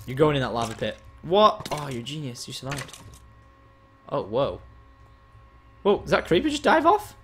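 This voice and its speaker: Very animated and a bit bright, this young gaming host's mid-range voice moves at a moderate pace over slight background noise. His casual play-by-play swings from chatty and teasing to frustrated.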